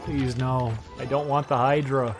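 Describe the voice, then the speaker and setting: A man with a medium pitch and level tone talks unhurriedly while streaming a game, faint music behind him. His relaxed chatter breaks now and then into loud, laughing outbursts.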